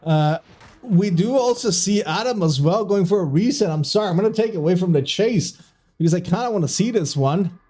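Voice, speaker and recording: High-voiced man giggling through game commentary. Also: animated, fairly quick, dark tone, slightly rough. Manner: keeps breaking into giggling fits while commentating; trips over his words and restarts when flustered. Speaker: streamer casting a community game tournament. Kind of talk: live video game commentary.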